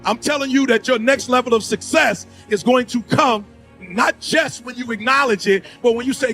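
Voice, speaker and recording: Guy preaching a fired-up motivational speech, really high voice, soft music behind. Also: moderate pace. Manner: impassioned, preacher-like delivery. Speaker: motivational speaker.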